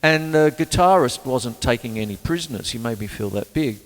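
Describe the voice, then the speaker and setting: An older man hosting a casual drum lesson, chatty and singing rhythms out loud as he plays. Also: mid-range voice, lively intonation, a little fast. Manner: chatty, sings rhythms aloud. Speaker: drum teacher and show host. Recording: reverberant room with drums.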